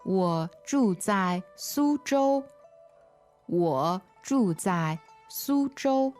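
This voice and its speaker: A woman teaching a language lesson, repeating phrases slowly and patiently. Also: mid-range voice, animated, darkish tone, soft background music.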